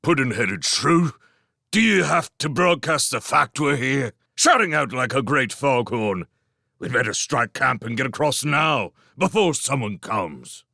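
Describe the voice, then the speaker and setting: A gruff, hot-tempered old shrew chieftain, as a male reader plays him, quick to scold. His voice is fairly low and moves a lot in pitch. It is recorded dry and close. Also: big pitch swings, a bit bright, no echo, full character voice. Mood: angry, scolding.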